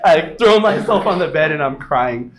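A man preaching a sermon, telling a personal story in an animated way, full of fillers and frequent "right?" checks. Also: a little high, moderate pace. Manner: animated, filler-heavy, laughs often, keeps asking "right?". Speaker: pastor. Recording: echoey room.

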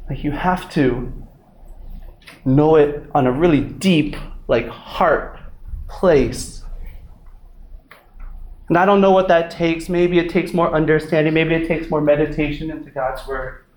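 A man giving a casual, conversational sermon, often laughing, then dropping to a soft, intimate tone. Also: fairly high pitch, fairly even intonation, measured pace, pauses often. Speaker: pastor. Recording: very echoey hall, from far off.

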